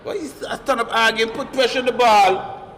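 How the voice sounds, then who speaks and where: A man co-commentating a live football match, emphatic and repetitive, loud at big moments. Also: extremely high pitch, normal speed, big-room sound, slight background noise. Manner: emphatic, repeats phrases, gets loud at goals. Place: stadium commentary position.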